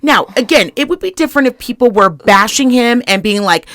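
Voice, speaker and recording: A woman's voice: on the high side, expressive, normal speed, few pauses, fairly bright tone, no room sound, studio quality. A young woman co-hosting a casual podcast, ranting with heavy swearing and acting out the people she quotes. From Reno, Nevada area. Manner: profane, heated, acts out quoted people. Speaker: podcast co-host.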